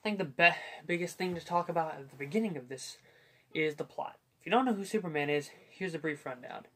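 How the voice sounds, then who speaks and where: A man's voice: on the high side, quick pace, fairly bright tone. A young man hosting a casual comic book movie review, joking and rambling with self-deprecating asides. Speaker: host.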